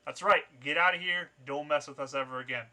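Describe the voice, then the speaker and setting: A man voicing a confident male spellcaster in his thirties who shouts commands across an alley in a tabletop game. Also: medium pitch, level tone, fast talker, close to an everyday voice. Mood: commanding.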